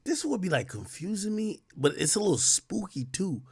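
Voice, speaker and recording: A man streaming casual reaction commentary, profane and quick to laugh. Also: high voice, gravelly, husky, no echo, clean studio sound. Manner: profane, animated, laughs often.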